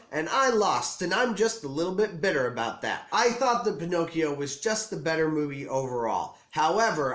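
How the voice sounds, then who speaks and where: A man with a raised, hoarse and scratchy voice, audibly getting over an illness. He hosts his own channel in a chatty, self-deprecating vlog manner. The sound bounces around an echoey room. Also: a little high, a bit bright. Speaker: channel host. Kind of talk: casual vlog commentary.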